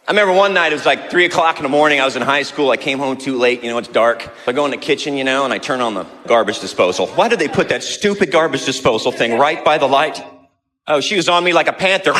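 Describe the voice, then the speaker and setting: Bright, lively stand-up comic. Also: male voice, on the high side, quick pace, big-room sound. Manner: animated storytelling, imitates his mother. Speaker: stand-up comedian. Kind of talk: stand-up comedy set.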